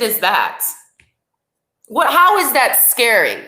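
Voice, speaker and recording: A woman's voice: mid-range voice, expressive, moderate pace, a bit bright, echoey room. Combative woman ranting on a livestream. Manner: mocking, combative, sarcastic. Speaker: livestream host. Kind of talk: heated livestream rant.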